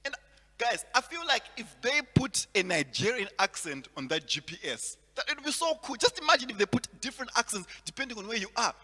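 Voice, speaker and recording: A man performs stand-up comedy in a high, bright, very lively voice, stumbling over repeated words and chuckling at his jokes. His voice rings with a long reverb over a faint hum. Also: a little fast, breathy edge. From Zimbabwe. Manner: animated, repeats words, laughs at own jokes.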